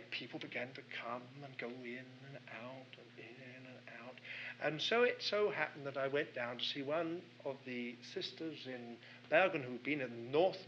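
A man's voice: medium pitch, bright, forceful tone, highs cut off, a little hiss or hum. A man preaching a sermon, telling a personal story in an earnest, anecdotal way.

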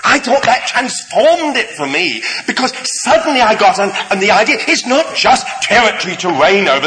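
A man preaching a sermon, deliberate and halting, with many fillers and gentle humour, in a large hall. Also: on the high side. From Britain. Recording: reverberant hall, faint background noise.

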